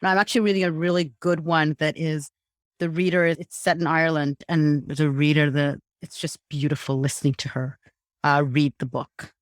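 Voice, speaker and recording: A woman's voice: sits low, level tone, normal speed, no room sound, clean studio sound. A woman speaking as a guest on a podcast over a video call, talking casually and emphatically. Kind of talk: casual chat.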